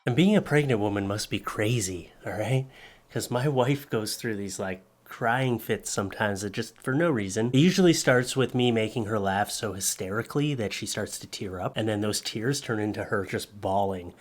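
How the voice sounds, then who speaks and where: A man in his thirties, a YouTuber, talking casually to camera in a vlog, excited and joking, rushing through his words. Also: lowish voice. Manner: excited, joking, talks fast.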